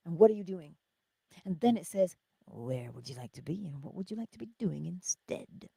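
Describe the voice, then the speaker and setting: Lively woman giving a pep talk. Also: on the low side, moderate pace, gravelly, breathy edge, no echo. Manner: lively, swings between loud cheering and soft whispers; laughs often. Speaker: host of a morning inspiration live stream. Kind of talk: animated motivational talk.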